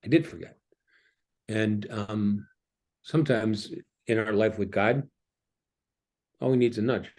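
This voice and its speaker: A man's voice: lowish voice, fairly even intonation, a little mellow. A middle-aged man, a pastor, talking through a reflective sermon-style message with many ums and restarts. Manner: halting, with frequent ums and restarts. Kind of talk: reflective preaching talk.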